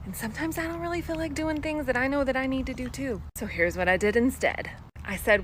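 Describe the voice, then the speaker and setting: A mother telling a toddler story in an animated way, with sarcastic asides. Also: on the high side, a little fast. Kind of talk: storytelling vlog. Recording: clear background noise.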